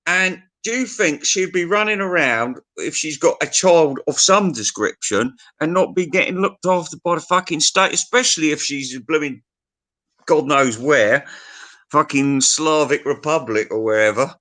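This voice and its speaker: Man, middle-aged, sweary, ranting, casual chat, bright, forceful. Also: a little high, moderate pace.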